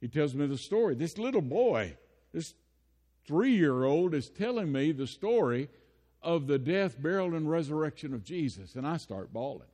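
A man's voice: a little high, sing-song, unhurried, dark tone. An older man preaching a sermon, telling folksy personal stories and building into impassioned preaching. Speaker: pastor. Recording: long hall reverb.

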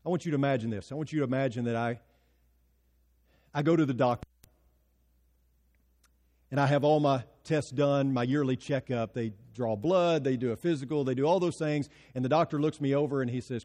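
Emphatic preaching man, mellow, in a reverberant hall. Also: medium pitch, a little fast, long pauses. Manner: emphatic preaching with rhetorical questions and dramatic drops to quiet. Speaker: pastor. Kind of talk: sermon.

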